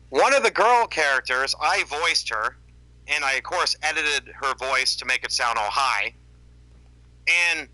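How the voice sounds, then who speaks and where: A man with a very bright, fairly high voice tells stories on a casual podcast. He gets animated and mocks the voices of the people he quotes. The recording is dry and close. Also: no echo, poor audio. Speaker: podcast co-host, YouTuber.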